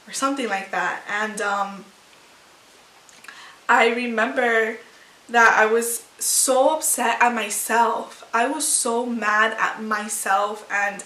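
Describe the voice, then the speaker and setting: A woman's voice: a little high, steady tone, takes it slowly, bright, forceful tone. A young woman vlogger telling a personal story to camera in a rambling, emotional way with many restarts. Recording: echoey room, far from mic.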